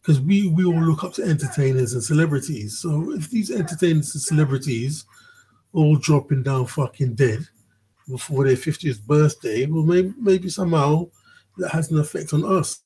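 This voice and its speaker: A man's voice: on the high side, normal speed, warm tone, a little hiss or hum, low-quality recording. A man vlogging in a rambling, casual commentary monologue, swearing freely and often checking in with the listener.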